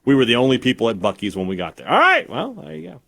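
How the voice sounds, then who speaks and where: A man's voice: mid-range voice, sing-song, rapid-fire, creaky. A man co-hosting sports talk radio in casual banter, arguing playfully with frequent stammered restarts.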